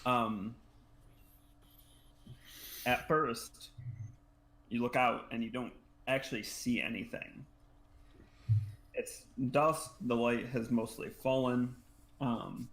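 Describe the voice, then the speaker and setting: Male game master, middle pitch, rambling descriptions, lots of ums and likes. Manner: rambling, filler-heavy descriptions. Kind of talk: narrating a tabletop game.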